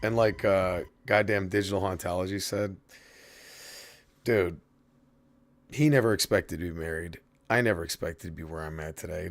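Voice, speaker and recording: A man streaming a video game, chatting casually with viewers, profane and rambling but heartfelt. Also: low voice. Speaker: gaming streamer. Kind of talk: casual stream chat while gaming.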